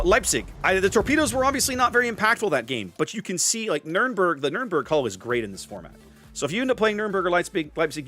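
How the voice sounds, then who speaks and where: Animated chatty man streaming a game. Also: fairly high pitch. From US Gulf Coast. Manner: chatty, animated, reads chat names aloud. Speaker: streamer host. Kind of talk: casual gaming stream chat.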